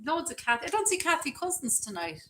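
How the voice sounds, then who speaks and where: A woman's voice: high voice, very animated, a little fast, sharp tone, a little hiss or hum. A middle-aged woman hosting a casual livestream, chatty, often laughing as she reads out viewers' names. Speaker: livestream host reading chat. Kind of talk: casual live chat.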